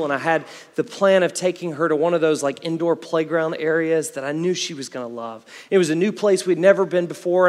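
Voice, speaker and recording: A man's voice: on the high side, big-room sound. A male pastor in his thirties preaching a sermon, repeatedly saying "listen" and building in intensity.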